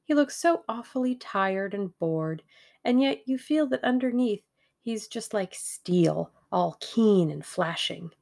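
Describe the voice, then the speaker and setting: A bubbly, eager young woman adventurer gushes with excitement, her voice climbing high. She has a gravelly texture, as a woman reading an audiobook puts her on. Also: slow pace. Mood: excited.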